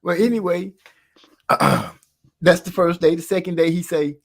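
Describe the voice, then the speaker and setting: A man with a slightly higher voice tells a long story in a loose, slangy way. His delivery is animated, and he keeps chuckling as the tale builds. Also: normal speed. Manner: animated, slangy, laughs while telling stories. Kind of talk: casual storytelling chat.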